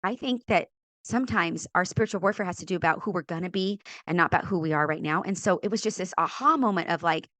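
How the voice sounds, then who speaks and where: A middle-aged woman from California, a podcast guest and author, telling her faith story in an animated way, acting out quoted voices and laughing often. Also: on the low side, fast, dry recording. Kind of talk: animated testimony in a faith interview.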